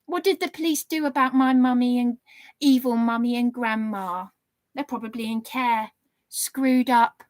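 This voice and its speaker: Woman ranting into her camera, cross and sarky, higher voice, dry sound. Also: no room sound. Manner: indignant and ranting, sarcastic jabs. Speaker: vlogger. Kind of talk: angry monologue to camera.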